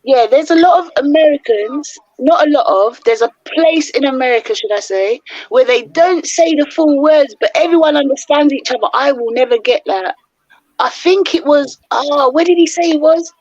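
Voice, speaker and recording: A woman in a casual group chat explains slang and laughs easily. Her voice is high. The sound is close and dry. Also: moderate pace, darkish tone, no echo, dull audio.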